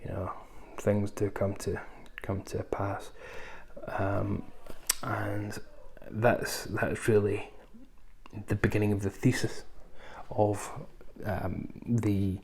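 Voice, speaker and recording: A man's voice: fairly low pitch, flat delivery, takes it slowly, vocal fry, a little mellow. A man reviewing films in a casual, rambling way, full of ums and asides. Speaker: film reviewer. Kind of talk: casual film review chat.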